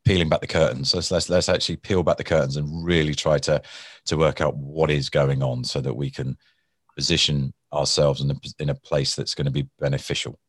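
A man's voice: rumbling low, brisk, slightly rough, dry recording. A man talking about negotiation in a conversational interview, often acting out angry people and restarting his words. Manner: animated storytelling, acts out angry people. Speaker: guest, former hostage negotiator.

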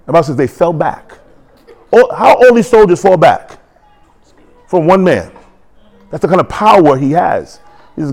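A man's voice: high-pitched, expressive, a little fast, darkish tone. A man preaching a sermon in an emphatic call-and-response manner.

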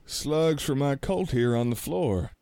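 An actor playing a blunt, folksy frontier gunslinger in radio drama style. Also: male voice, mid-range voice, expressive, a little slow, warm tone, clear, resonant tone, dry recording.

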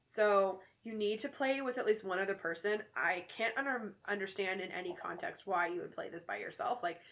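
Brisk and a bit bright, this medium-pitched woman co-hosts a podcast, chatting and joking casually. She walks through a spooky game one step at a time, explaining each at length.

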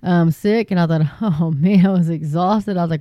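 Fairly quick and with hardly any pauses, an American online talk show host with a mid-range voice addresses viewers casually, emphatic and filler-laden, building to pleading. The audio is dull, with no echo.

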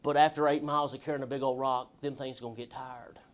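A man preaching a sermon in a folksy, emphatic way, with shouts at times. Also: mid-range voice, little pitch movement, quick pace. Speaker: pastor.

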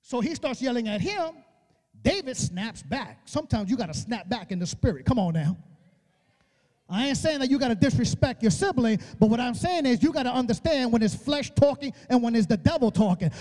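A male preacher giving an emphatic, colloquial sermon, acting out dialogue and rising to shouts. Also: very high-pitched, animated, fairly quick. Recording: long reverb of a church hall.

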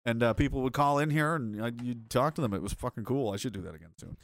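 A man's voice: medium pitch, fast talker, no echo, studio quality. A man hosting a livestream and reading chat aloud, riffing sarcastically with lots of swearing and laughter.

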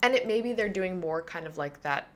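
A woman's voice: on the low side, animated, normal speed, fairly bright tone. A woman co-hosting a podcast, chatting casually and agreeing often. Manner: chatty, lots of agreeing and laughing. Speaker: podcast co-host. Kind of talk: casual chat.

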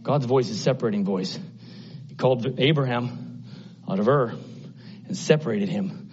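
A man preaching an impassioned sermon, often climbing into high exclamations. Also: moderate pace, darkish tone, dull audio, slight background noise.

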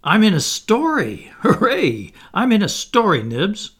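A man voicing an eager, excitable little lost boy who talks in excited squeals. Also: on the high side, measured pace, slightly rough, voice pushed up, heavily acted. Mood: thrilled.

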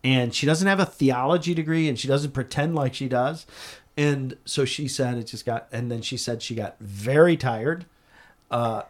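A man of ordinary pitch recounts a story as an interview guest. He speaks earnestly and grows animated, often restarting his sentences as he talks. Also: moderate pace. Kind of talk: conversational storytelling.

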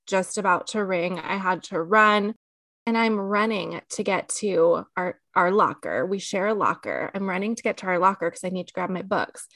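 A woman's voice: medium pitch, a bit bright, no room sound. A woman co-hosting a podcast, telling a story in casual chat and laughing often. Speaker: podcast co-host.

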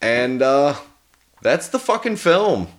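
A man's voice: medium pitch, sing-song, takes it slowly. Male podcast co-host, casual and profane, easygoing movie-chat delivery. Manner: profane, laid-back, laughs often.

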